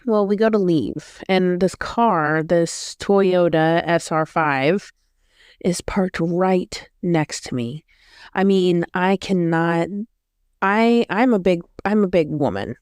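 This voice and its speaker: A woman's voice: fairly low pitch, slow pace, darkish tone, smooth, no room sound. A woman vlogger telling a story in a casual, rambling way, often correcting herself. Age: adult.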